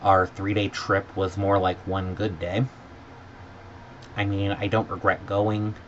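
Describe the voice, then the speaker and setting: A man in a vlog ranting sarcastically about a bad trip, sometimes mimicking staff in a higher voice. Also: little pitch movement, takes it slowly, a bit bright. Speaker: vlogger. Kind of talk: exasperated travel rant. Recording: dull lo-fi audio with faint background noise.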